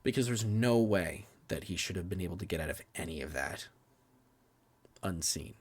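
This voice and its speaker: A man's voice: sits low, normal speed, slightly rough. A man co-hosting a film podcast, giving candid, profane reviews in casual chat and sometimes dropping near a whisper. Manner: candid, swears freely, restarts words, sometimes drops to a near whisper. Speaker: podcast co-host reviewing films.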